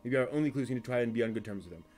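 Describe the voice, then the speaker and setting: A man narrating a tabletop game during a live stream while he paints miniatures, rambling with many pauses and restarts. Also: mid-range voice, expressive, darkish tone.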